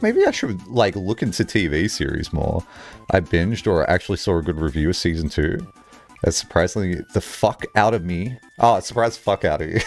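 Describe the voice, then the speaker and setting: A man livestreaming, chatting casually with his viewers in a lively, rambling way, swearing freely and filling his talk with "like". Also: lowish voice. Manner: animated, chatty, swears casually, many "like" fillers. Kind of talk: casual livestream chat, answering chat.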